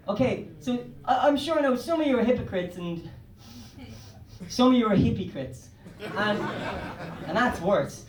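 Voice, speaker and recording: An Irish man doing a stand-up comedy set, rambling loosely and swearing. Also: high voice. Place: comedy club stage. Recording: roomy club, distant mic.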